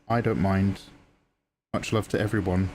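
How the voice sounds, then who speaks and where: A man's voice: low-pitched, fairly even intonation, normal speed, a little mellow, slight background noise. A young man chatting casually on his art livestream, joking and laughing at his own stories. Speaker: art streamer.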